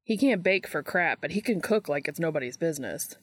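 A gruff young man in a fan audiobook, defensive and nervous, as a woman puts him on. His voice sits somewhat low and dry, with a close recording. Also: lively intonation, a little fast, no echo.

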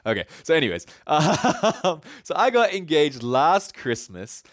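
A young man giving a casual Bible teaching, chatty and animated, often laughing as he tells the story. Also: on the high side, slow pace. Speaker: preacher.

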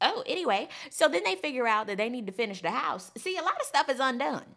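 Animated young woman with gravelly voice. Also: high voice, fast. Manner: blunt, animated, swears freely. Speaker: reality TV recap vlogger. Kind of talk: casual opinionated recap.

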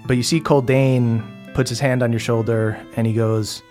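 A game master narrating a tabletop role-playing game in a relaxed, chatty way. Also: mid-range voice, moderate pace, faint music behind. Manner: relaxed, chatty, laughs between lines.

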